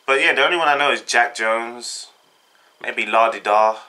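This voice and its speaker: A man's voice: medium pitch, normal speed, pushed and bright. A young man from South London with a South London accent, chatting casually and jokily with lots of slang. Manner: laid-back, jokey, rambling with slang. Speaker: vlogger. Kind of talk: casual chat, answering a tag.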